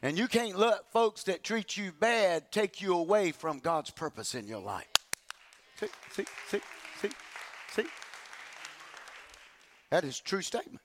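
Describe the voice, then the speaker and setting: A man preaching a sermon in a church, animated, repeating words and acting out the people in his story. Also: sits high, normal speed, few pauses, a crowd in the background, noisy background. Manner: animated, repeats words, acts out quotes in voices.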